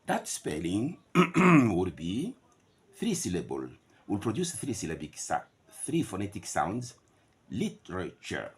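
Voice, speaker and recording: A man's voice: on the low side, sing-song, a little mellow, breathy edge. A man whose first language is Bantu, giving a classroom lecture on English pronunciation and drilling words by contrasting them. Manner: drawn-out contrasting word repetitions.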